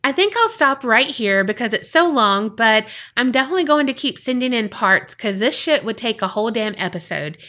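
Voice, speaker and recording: A woman co-hosting a podcast, chatting casually and reading a listener's story aloud with expressive delivery. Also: on the high side, brisk, few pauses. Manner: animated, expressive storytelling with lively reactions. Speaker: podcast co-host.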